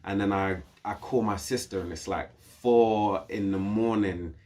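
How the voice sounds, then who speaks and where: This British podcast guest speaks at a measured pace in a fairly low register. He's recounting a story in easygoing chat, animatedly acting out what each character says.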